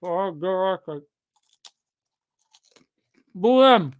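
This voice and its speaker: A young man, pitched a little above most men, talks through a live football stream while reading chat aloud. He sounds tired and rambles casually, then breaks into excited shouts whenever the match heats up. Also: slow. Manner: chatty, bursts of excitement at the game.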